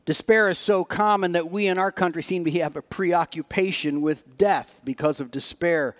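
A man delivering a sermon as pastor, reading scripture earnestly and asking the congregation rhetorical questions, with dramatic pauses. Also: high-pitched.

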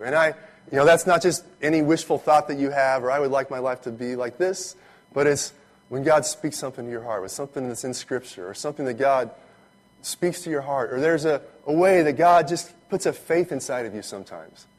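A man, a pastor, giving a relaxed, conversational sermon that turns animated when he retells stories. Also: medium pitch.

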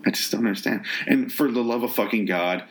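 A man's voice: fairly low pitch, a little fast. A man ranting through a movie review, exasperated, sarcastic and profane, rambling with frequent restarts.

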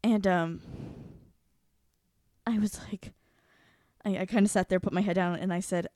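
Woman, mid-pitched, casual storytelling co-host, blunt and expressive, dry close mic. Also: unhurried, pauses often, no echo. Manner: candid, swears freely, animated retelling. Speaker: podcast co-host.

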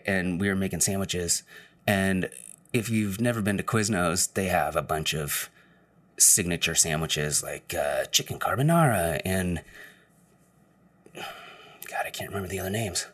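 A man's voice: deep voice, a little slow, a bit bright. A man telling a personal story in casual storytelling style, rambling, with frequent fillers and restarts.

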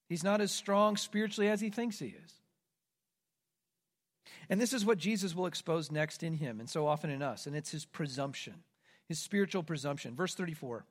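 A man preaching a sermon, swinging between loud, emphatic declarations and hushed, quiet asides. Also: high-pitched. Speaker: pastor.

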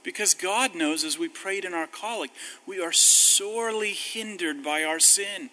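Bright-voiced male preacher, chatty and wry. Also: high-pitched, poor audio. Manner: conversational, self-deprecating humor, slows on scripture. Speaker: pastor. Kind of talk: sermon.

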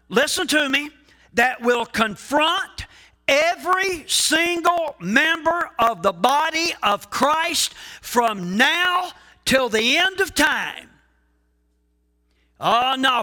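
Emphatic pastor preaching with a high, bright voice. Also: male voice, big pitch swings. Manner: emphatic preaching with rhetorical questions and pauses. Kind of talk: sermon.

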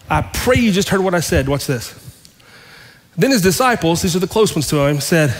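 A man's voice: a little high, sing-song, normal speed, long reverb tail. A man preaching a sermon as pastor, talking conversationally, acting out dialogue and asking the congregation questions.

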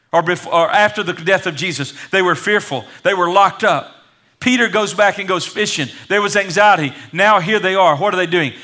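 A man preaching a sermon to a congregation, calling for responses and building to loud peaks. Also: high voice. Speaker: pastor. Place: church sanctuary.

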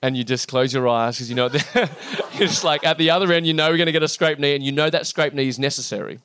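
A man, telling a story to an audience in an animated way, acting out the voices of others. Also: on the high side, fast, slight background noise. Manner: animated, acts out dialogue, lots of fillers and restarts. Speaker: speaker addressing an audience. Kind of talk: storytelling talk to a live audience.

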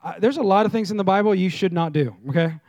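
A male pastor preaching a sermon in church, swinging between loud emphasis and hushed low tones and leading the congregation in call-and-response. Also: fast talker, dry recording.

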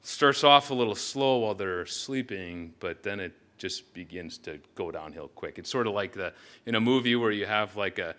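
A man's voice: fairly low pitch, expressive, moderate pace, fairly bright tone. A man preaching a sermon as pastor, earnest and reflective, often restarting his sentences.

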